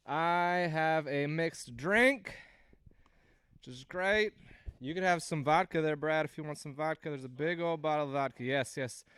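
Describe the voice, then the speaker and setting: A man's voice: on the high side, a bit bright, clean tone, dry recording. A man in his thirties doing a rambling, self-deprecating stand-up set on a livestream, laughing at his own jokes. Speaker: stand-up comedian hosting a livestream.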